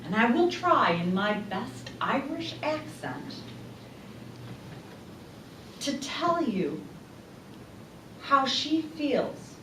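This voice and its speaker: A woman giving a talk to a small group, speaking deliberately and putting questions to her listeners. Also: on the high side. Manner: slow, deliberate, rhetorical questions to the audience. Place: room with a small audience. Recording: echoey room from a distance, faint hum.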